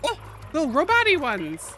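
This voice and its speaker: A woman streaming a video game, commenting out loud, joking and exclaiming as she plays. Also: high-pitched, moderate pace, over music. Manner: animated, exclaims and laughs often, jokes with chat. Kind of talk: live gaming commentary.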